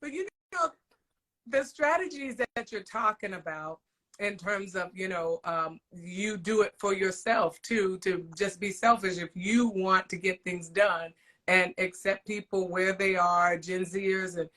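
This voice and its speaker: A woman's voice: mid-range voice, unhurried, fairly bright tone. A middle-aged woman interviewing a guest in a casual, chatty way, often laughing.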